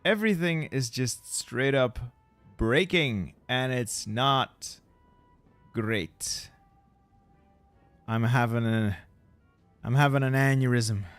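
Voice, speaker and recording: A man's voice: medium pitch, takes it slowly, long pauses, fairly bright tone, clean tone, dry recording, soft background music. A young man streaming a strategy game from home, grumbling at broken gear and swearing as he chats with viewers. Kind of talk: casual live-stream chat.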